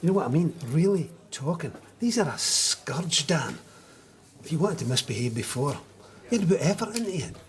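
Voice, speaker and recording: A man's voice: a little high, sing-song, normal speed. A middle-aged man in a scripted sitcom, confessing in a theatrical way.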